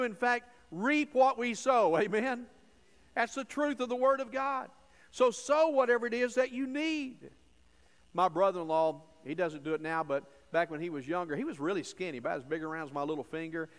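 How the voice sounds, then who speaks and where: A man preaching a sermon in a church, folksy and emphatic, dropping to low asides and rising to loud stressed phrases. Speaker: pastor. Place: church sanctuary. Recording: long church reverb.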